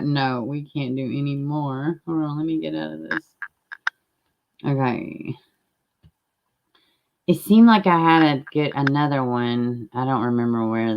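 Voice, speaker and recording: A woman's voice: extremely low pitch, moderate pace, vocal fry, pauses often, highs cut off, noisy background. A woman hosting a casual livestream, chatting to viewers, swearing casually and laughing often. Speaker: livestream host. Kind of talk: casual livestream reaction commentary.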